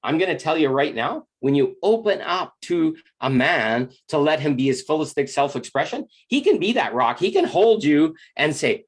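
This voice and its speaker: A man's voice: on the high side, big pitch swings, moderate pace, hardly any pauses, slightly rough. A man giving a confessional monologue about relationships. He speaks intensely and bluntly, swears freely, and sounds earnest and emotionally open. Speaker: spiritual relationship coach.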